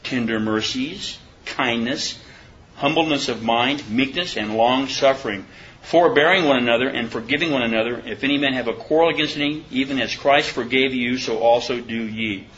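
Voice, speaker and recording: A man giving an informal Bible study sermon, reading scripture slowly and deliberately and asking his listeners questions. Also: medium pitch, fairly bright tone, highs cut off, slight background noise. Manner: conversational, asks the listeners questions. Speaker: preacher.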